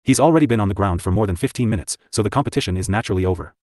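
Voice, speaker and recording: A man's voice: lowish voice, expressive, very fast, darkish tone, no room sound, clean studio sound. A man voicing an arrogant young nobleman in his twenties, speaking in a haughty, matter-of-fact way.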